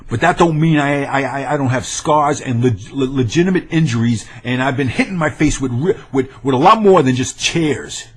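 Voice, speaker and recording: A man's voice: mid-range voice, breathy edge. A brash man rants to camera in a rambling webcam monologue, often stammering and restarting. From New York area. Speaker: video blogger.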